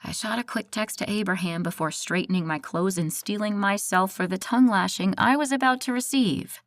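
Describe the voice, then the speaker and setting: A woman narrating a first-person audiobook in a steady, measured storytelling voice. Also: mid-range voice, no echo.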